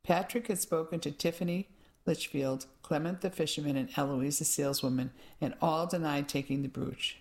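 A woman narrating a first-person audiobook in an even, measured way. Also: sits low.

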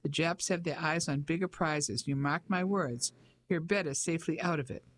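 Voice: mid-range voice, moderate pace, natural voice. An audiobook narrator voicing a pompous English colonel, a widower, in old-fashioned blustering talk.

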